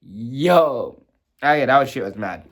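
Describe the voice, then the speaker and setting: A man's voice: mid-range voice, lively intonation, slow. A young man giving an emotional, rambling review of a TV finale, full of fillers, restarts and swearing. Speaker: vlogger reviewing a TV show. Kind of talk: casual rambling reaction review.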